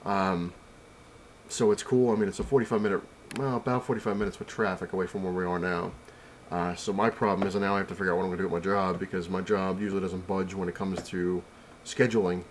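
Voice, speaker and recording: A young man talks quickly into his camera mic at home, rambling through a story with plenty of fillers and restarts. His voice sits fairly low, and a faint noise hangs under the recording. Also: fairly even intonation, poor audio. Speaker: vlogger. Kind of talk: casual storytelling.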